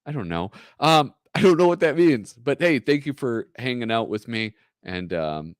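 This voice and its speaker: A man hosting a live stream, reading comics aloud in an animated, joking way and laughing often. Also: medium pitch, normal speed, clear, resonant tone, dry recording, studio quality. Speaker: host.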